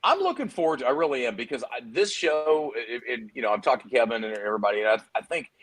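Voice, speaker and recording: Animated, hammy middle-aged man from Texas. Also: mid-range voice, quick pace, slightly rough. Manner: animated storyteller, hammy, acts out quotes. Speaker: guest, PDR trainer. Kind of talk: casual chat. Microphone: video call.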